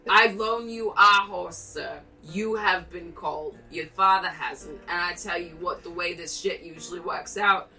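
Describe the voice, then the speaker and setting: A blunt, foul-mouthed tavern barkeep with a put-on accent, as a woman acts her out in a tabletop game. Her voice sits low yet bright and edgy. It is caught a little far from the mic, with faint music behind. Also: unhurried, few pauses, heavily acted. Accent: put-on unplaced accent. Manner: blunt, swears casually. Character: brusque female barkeep lending a horse.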